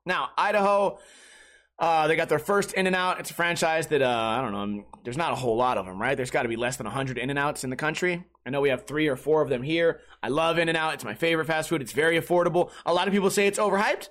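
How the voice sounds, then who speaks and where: A man's voice: fairly high pitch, fast, fairly bright tone. A young man hosting a comedy podcast alone, rambling in a crude, casual way with many restarts. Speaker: podcast host.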